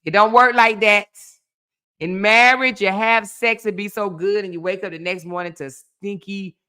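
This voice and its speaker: A woman hosting a livestream. She chats casually with her viewers in an animated, teasing way and reads their comments aloud. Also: mid-range voice, moderate pace, clear, resonant tone. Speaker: livestream host. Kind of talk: casual chat with live viewers.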